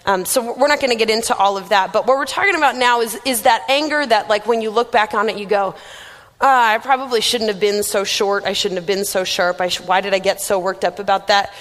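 A woman's voice: mid-range voice, fairly even intonation, fairly quick, fairly bright tone. A young woman giving a casual, conversational sermon as a youth minister, chatty and self-deprecating, with lots of "like". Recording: long reverb of a large room.

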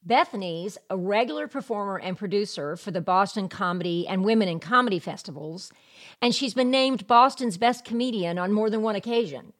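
A woman's voice: mid-range voice, expressive, brisk. A woman hosting a podcast, reading scripted introductions in an enthusiastic way. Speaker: podcast host.

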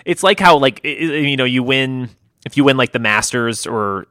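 A man's voice: mid-range voice, expressive, moderate pace, pushed and bright, clean tone, no room sound, studio quality. A laid-back man co-hosting a casual sports talk show, chatting loosely with many fillers. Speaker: podcast co-host. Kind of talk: casual chat.

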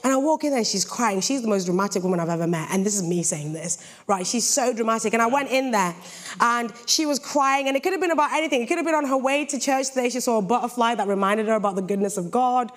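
A young British woman preaching a sermon with a lively, jokey storytelling manner. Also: fairly high pitch, fast. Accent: British English. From Britain.

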